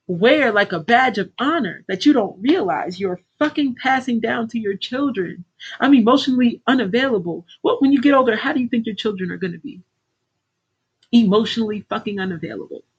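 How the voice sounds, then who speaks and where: Fairly high-pitched and husky, a middle-aged woman hosts a livestream as a life coach, cheering on viewers in a casual but blunt, preachy and swear-heavy way. The sound is lo-fi.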